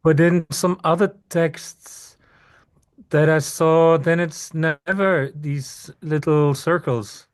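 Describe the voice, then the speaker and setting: A man's voice: fairly high pitch, steady tone, slow pace. A man in a language class repeating syllables and asking careful questions about how words are divided. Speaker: student.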